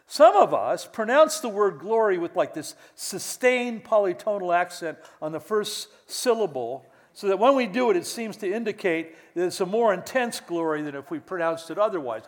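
An older man, a pastor preaching a sermon to church leaders with many restarts and mock exclamations. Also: high-pitched.

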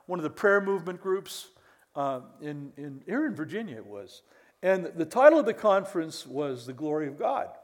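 An older man, a pastor preaching a sermon to church leaders with many restarts and mock exclamations. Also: a little high.

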